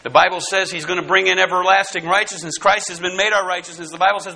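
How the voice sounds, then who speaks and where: High, bright-voiced dramatic preacher man. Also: fast talker, gravelly, hardly any pauses, rough recording. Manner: dramatic, big swings from loud to hushed; speaks straight to the congregation. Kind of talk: sermon.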